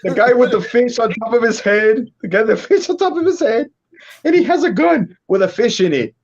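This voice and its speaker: A man's voice: extremely high pitch, lively intonation, brisk, lo-fi sound. A man hosting a podcast, chatting casually and profanely as he retells an anime episode with many restarts. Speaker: podcast host. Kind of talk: casual chat recapping an anime.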